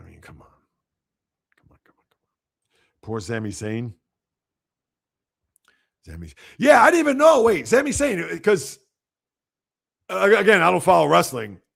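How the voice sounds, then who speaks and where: Gravelly man hosting a sports livestream. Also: a little high, fairly bright tone. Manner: rambling, rhetorical, exasperated asides. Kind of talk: casual sports commentary livestream.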